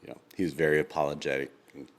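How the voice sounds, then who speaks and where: A man co-hosting a podcast in casual chat, rambling with lots of ums and quick laughs. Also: very deep voice, level tone. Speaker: podcast co-host.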